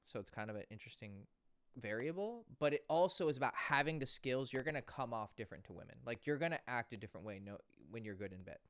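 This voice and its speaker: A man's voice: mid-range voice, expressive, quick pace, a bit bright, smooth, dry recording. Male dating coach, casual, blunt, plain mid-range voice, dry sound. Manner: blunt, casual, swears, reads out viewer questions. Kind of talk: casual livestream talk.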